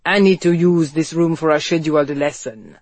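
A man's voice: fairly high pitch, steady tone, moderate pace, no echo, natural voice. A narrator voicing a stern, sarcastic male fencing master who speaks curtly in a storybook reading. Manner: sarcastic, curt.

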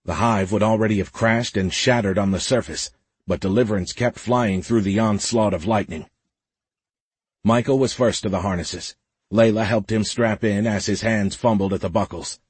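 A man narrating a science fiction audiobook in a steady, measured way. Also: fairly low pitch, slightly rough, no room sound. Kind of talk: scripted narration.

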